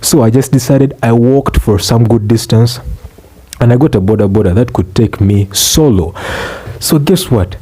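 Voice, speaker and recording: A young man ranting in a profane, exasperated comic vlog, swearing and bursting out loudly. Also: medium pitch, normal speed. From Uganda. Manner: exasperated, swearing, loud outbursts. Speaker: vlogger.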